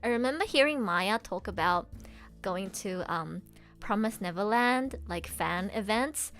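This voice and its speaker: A woman's voice: medium pitch, animated, measured pace, a bit bright, faint music behind. Giggly, gushing woman streamer. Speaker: streamer and voice actress. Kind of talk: casual livestream chat.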